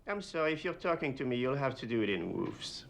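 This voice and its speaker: Surly french clerk, dry deadpan delivery, french accent, tv show. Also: male voice, medium pitch, brisk, gravelly. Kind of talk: TV comedy-drama acting.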